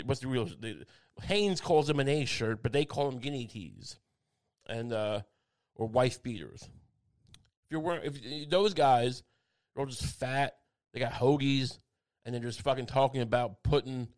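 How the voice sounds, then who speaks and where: A man ranting casually in a monologue, rambling and sardonic, with frequent swearing and restarts. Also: mid-range voice.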